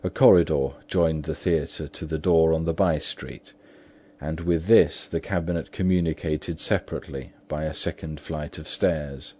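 A man reading a story aloud as narrator, in measured, even storytelling. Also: extremely low pitch. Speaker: audiobook narrator. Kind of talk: scripted narration. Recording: dull lo-fi recording.

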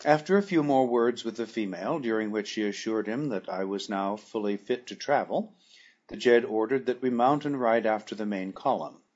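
A man reading a classic adventure novel aloud in a measured, formal storytelling manner, with a husky voice. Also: on the low side, darkish tone, lo-fi sound. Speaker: audiobook narrator.

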